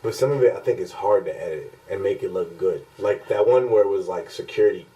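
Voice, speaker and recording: Guy rambling on a podcast, swears a lot, laughs a bunch, warm mellow voice. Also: low voice, quick pace, rough recording. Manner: profane, rambling, laughs often. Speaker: podcast co-host. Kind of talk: casual podcast chat.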